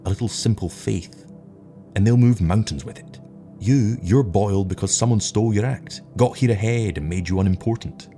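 A man's voice: low voice, animated, normal speed, a little mellow, faint music behind, voice pushed up. An earnest, emotional young crewman, voiced by a man who stands up with open defiance. The voice is raised a little above the reader's own and carries real passion. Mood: defiant.

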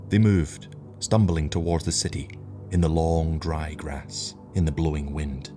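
A man reading an audiobook story in a measured, even way, with faint music behind. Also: rumbling low. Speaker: narrator. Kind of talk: audiobook narration.

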